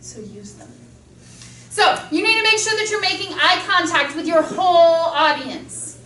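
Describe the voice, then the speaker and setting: A woman speech teacher lecturing a class, enthusiastic and quick with examples, speaking through a mask. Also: very high-pitched, expressive, bright, forceful tone, slight background noise. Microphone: masked, recorded from across a classroom. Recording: echoey classroom from far off.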